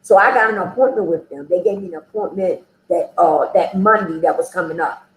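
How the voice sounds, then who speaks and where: A woman with a lowish voice talks fairly quickly, with slight background noise and a roomy echo. As an interview guest, she tells her own story candidly in a loose, conversational way, often saying "you know".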